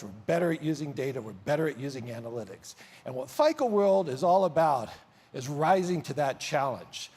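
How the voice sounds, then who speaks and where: A man emceeing a large conference on stage, telling an animated story with big swings in loudness. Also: fairly high pitch, husky. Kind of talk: onstage conference speech. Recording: reverberant hall sound.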